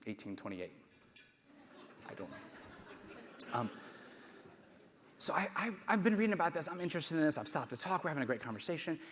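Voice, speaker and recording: A man's voice: on the high side, very animated, fairly quick, long pauses, fairly bright tone, a little hiss or hum. Man telling stories in an echoey hall. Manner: conversational, rhetorical questions, self-deprecating asides. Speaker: math teacher giving a conference plenary talk. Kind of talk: storytelling conference talk. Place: conference hall.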